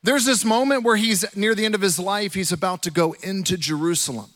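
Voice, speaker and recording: Male pastor, high voice, conversational and animated sermon delivery. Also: fairly quick. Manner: animated, conversational preaching with rising bursts. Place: church auditorium.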